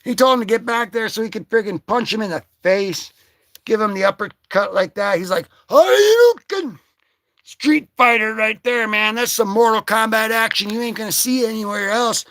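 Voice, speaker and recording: An excitable man hosting a casual comic book vlog, joking and slangy as he talks through his comics. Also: high voice, fairly quick, dry recording, studio quality. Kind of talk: casual livestream commentary.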